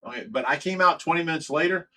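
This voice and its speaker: A man's voice: fairly high pitch, fast talker, sharp tone. A man hosting a livestream, telling a story in a heated, profane way. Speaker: host. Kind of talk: livestream chat.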